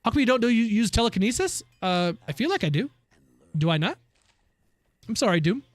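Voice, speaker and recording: A man with a fairly high voice chats casually while he plays a game on stream. He rants and swears freely, answers viewers' questions between tangents, and laughs at his own outbursts. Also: sing-song, a little fast, no echo. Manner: ranting, swears often, laughs at himself; reads and answers chat while playing. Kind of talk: casual live-stream chat.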